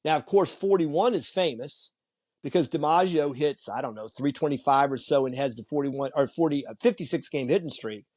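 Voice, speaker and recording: A man with a somewhat high voice speaks at a moderate pace as a guest on a podcast. He tells stories conversationally and with animation, putting on the voices of those he quotes.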